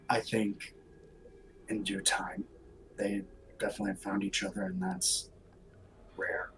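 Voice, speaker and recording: A man playing in a live-streamed tabletop role-playing game, teasing the table in a dry, low-key way. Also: sing-song, slow pace, creaky, long pauses, noisy background. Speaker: player.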